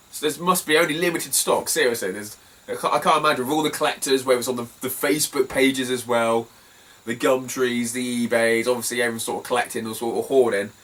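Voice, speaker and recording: A man, chatting casually in a vlog about hunting for retro games at car boot sales, laughing often and swearing offhand. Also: mid-range voice. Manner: chatty, laughs often, swears casually, animated when telling a funny story. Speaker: retro game collector vlogger. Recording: somewhat distant mic, faint ambient noise.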